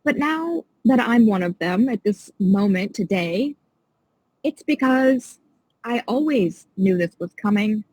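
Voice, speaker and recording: A woman's voice: medium pitch, expressive, unhurried, a little mellow, slightly rough, no echo, low-quality recording. A woman guest on a podcast, talking in a passionate, indignant and emphatic way in a casual interview.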